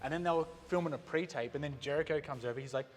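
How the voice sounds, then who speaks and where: Australian male guest, rapid storyteller, roomy reverb on the voice. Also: on the high side, a little hiss or hum. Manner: fast, animated anecdotes with swearing. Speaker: professional wrestler, guest. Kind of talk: casual storytelling chat.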